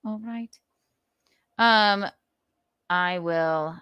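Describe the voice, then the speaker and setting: A woman's voice: on the low side, drawn-out words, bright, forceful tone, smooth, no echo. A woman hosting a casual livestream, talking sarcastically with frequent laughs and reading chat messages aloud. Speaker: livestream host.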